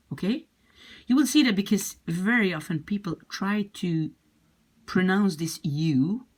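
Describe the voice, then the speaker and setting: A woman language teacher speaking slowly and patiently, with a slightly husky tone. She repeats each example carefully, her pitch rising and dipping with lively emphasis. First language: French or Dutch. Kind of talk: explaining French grammar in English.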